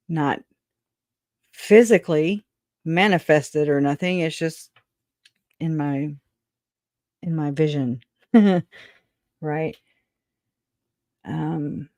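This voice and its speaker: A speaker on a casual livestream who talks in a halting, reflective way, often restarting sentences and laughing softly. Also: medium pitch, no room sound, clean studio sound.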